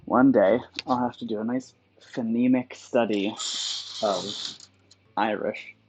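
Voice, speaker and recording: A man speaks slowly in a lowish, darkish voice with fairly even intonation while streaming his calligraphy, musing and digressing as he works. Faint music plays under dull, lo-fi audio that carries a slight hiss or hum.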